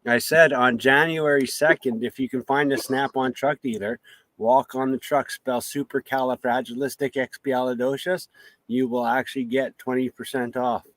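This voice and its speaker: A man's voice: mid-range voice, moderate pace, no echo. Dry-sounding man sharing tool tips. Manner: relaxed, informative, repeats words when cutting in. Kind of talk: casual chat.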